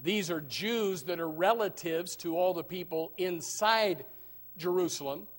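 At a slightly slow pace, a male pastor alternates between forceful, loud preaching and soft, quiet side remarks. He regularly says "amen" and repeats his opening words as each sentence gets going.

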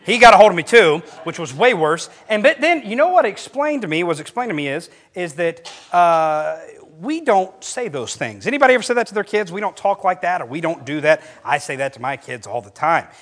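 A man's voice: high-pitched, a little fast. A middle-aged male pastor preaching a sermon, telling stories with a voice that climbs for quoted lines. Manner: animated storytelling, voice rising for quoted lines.

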